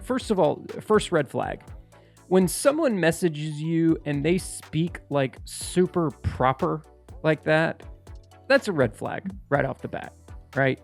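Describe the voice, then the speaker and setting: Gravelly-voiced man explaining casually. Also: fairly high pitch, expressive, slow pace, soft background music. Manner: rambling, conversational, with frequent fillers and restarts. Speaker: real estate investor and channel host. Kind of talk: casual screen-share tutorial.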